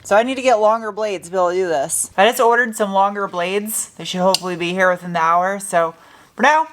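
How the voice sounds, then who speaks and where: A woman's voice: mid-range voice, fast talker, noisy background. A young adult woman casually narrating her truck restoration in a garage, joking and talking to herself as she works. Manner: chatty, joking, talks to herself while working. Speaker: car restoration vlogger.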